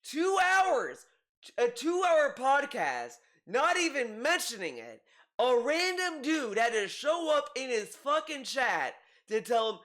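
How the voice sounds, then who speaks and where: A man's voice: very high-pitched, huge pitch swings, slow, fairly bright tone. A man giving casual commentary, rambling with frequent restarts and asides. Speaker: commentary youtuber.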